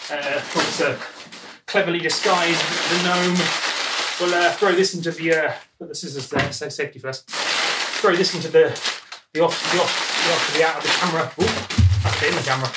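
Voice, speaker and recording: An excitable voice rambles and jokes through an unboxing at home, picked up by a camera mic set well back from the speaker. The room rings with echo, and a steady hiss of noise sits under the voice. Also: medium pitch, normal speed. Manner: excitable, jokey, rambling, talks while handling things. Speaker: music producer and YouTuber. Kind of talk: casual unboxing vlog. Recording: echoey room, distant mic, noisy.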